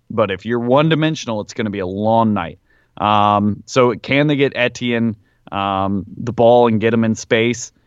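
A low-voiced man co-hosting a casual sports podcast, rambling with plenty of ums and pushing his opinions. The sound is dry and close, a little dull and lo-fi. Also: clean tone, dry recording. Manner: rambling, filler-heavy, argumentative. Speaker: podcast co-host.

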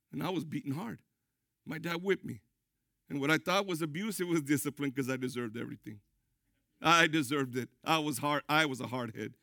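Gravelly, emphatic man preaching. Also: no echo, studio quality. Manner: emphatic preaching with sudden loud high bursts. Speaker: pastor. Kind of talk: sermon.

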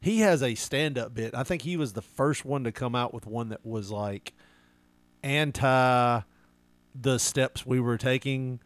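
A man's voice: mid-range voice, measured pace, no echo. Laughing podcast guy, dry close mic. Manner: laughs often, animated impressions in quotes. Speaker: podcast co-host. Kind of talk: casual chat.

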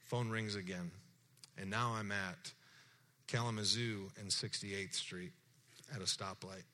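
Male pastor, crisp bright tone, lively storytelling sermon. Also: fairly low pitch, a little slow. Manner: lively storyteller, acts out dialogue, asks the congregation questions.

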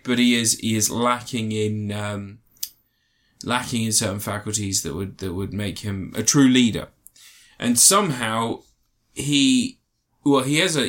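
A man's voice: lowish voice, fairly bright tone. A young man co-hosting a podcast, rambling through a film summary with many restarts and fillers. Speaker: podcast co-host reviewing a film. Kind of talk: casual chat.

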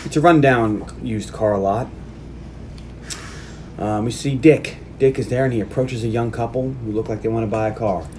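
A man's voice: mid-range voice, moderate pace, a little mellow, a little hiss or hum. A man hosting a casual movie podcast who retells plot scenes and acts out the characters' lines. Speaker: podcast host.

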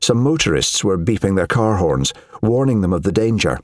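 A man narrating an audiobook in a measured, expressive storytelling manner. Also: low-pitched, no room sound, studio quality. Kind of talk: scripted narration.

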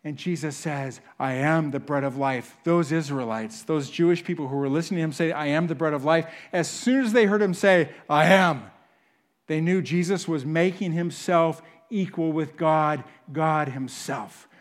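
A man preaching a sermon, swinging between loud emphatic bursts and hushed, intimate asides. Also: on the high side, normal speed. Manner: animated, rises loud for emphasis then drops to hushed. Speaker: pastor. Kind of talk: sermon teaching.

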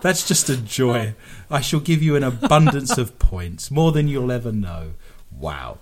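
A man's voice: medium pitch, big pitch swings, moderate pace. A man hosting a radio show, telling odd stories with wry, jokey asides. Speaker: radio host. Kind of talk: comic storytelling on radio.

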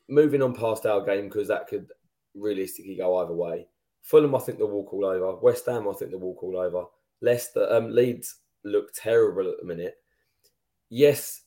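A man's voice: on the low side, mellow. A man co-hosting a football podcast, joking and breaking down the run-in in casual chat. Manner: joking, analytical. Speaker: podcast co-host.

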